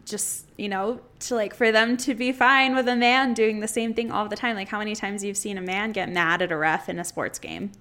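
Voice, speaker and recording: A young woman co-hosting a casual podcast, animated and laughing, with many "like" fillers. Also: medium pitch, moderate pace, hardly any pauses. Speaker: podcast co-host.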